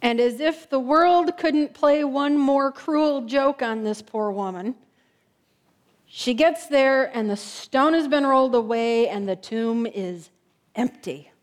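A woman preacher with a voice that sits high tells a story during a sermon. For emphasis, she slows down and lets her voice drop soft.

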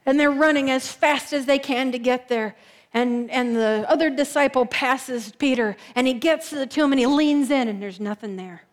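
A woman preacher telling a story in a sermon, slowing down and dropping her voice soft for emphasis. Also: sits high.

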